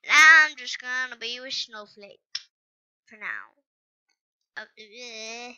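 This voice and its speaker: Slow, bright-voiced woman commenting on gameplay. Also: fairly high pitch, smooth, lo-fi sound. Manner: rambling, hesitant, apologetic asides. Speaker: gaming channel host.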